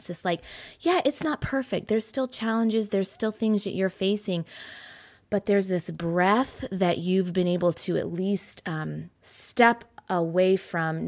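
A woman's voice: fairly low pitch, dry recording. A woman hosting a podcast interview, speaking in an encouraging, reflective way. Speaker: podcast host. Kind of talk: casual interview chat.

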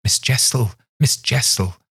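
A man's voice: medium pitch, a little slow, vocal fry, fairly bright tone, husky, voice pushed up, full character voice. A man voicing an anguished, fiercely protective woman governess in a storybook reading, with urgent, rising exclamations.

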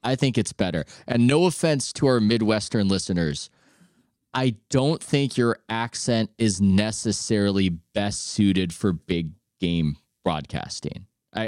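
A man hosts a casual podcast chat, giving his opinions freely and teasing his guest. His voice sits low, and the sound is dry and close. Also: lively intonation, unhurried, darkish tone, dry recording. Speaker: podcast host. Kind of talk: casual conversation.

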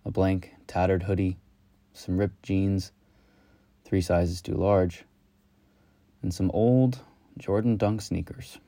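A man reading a reflective personal story in a slow, measured, lyrical way. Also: low-pitched, steady tone, creaky, dark tone, no echo. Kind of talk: reflective spoken-word storytelling.

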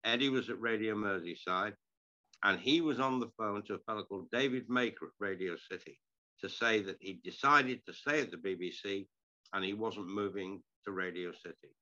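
A man's voice: fairly low pitch, normal speed, sharp tone, dull audio. An older man, telling stories from his broadcasting career in a rambling, self-deprecating way. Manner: rambling, self-deprecating, frequent restarts and throat-clearing. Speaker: interview guest, retired sports broadcaster. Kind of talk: conversational storytelling.

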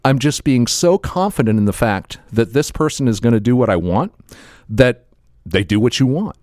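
A man co-hosting a podcast chats casually, laughing often and stumbling over repeated words. His medium-pitched voice has lively intonation and a darkish tone at normal speed. It's studio-quality audio with no room sound.

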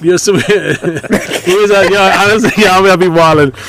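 A man in his forties with a fairly high voice tells stories in casual chat with friends. He acts out the other people in his stories in a raised voice and laughs a lot along the way. There is a faint hiss of noise under the recording. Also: normal speed. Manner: animated storyteller, acts out quotes in a raised voice, laughs often. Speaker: podcast co-host.

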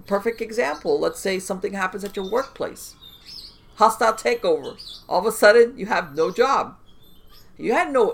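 A woman guest on a podcast, telling stories in a casual, animated way with lots of fillers and restarts. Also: medium pitch, gravelly, slight background noise. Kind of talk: casual conversational storytelling.

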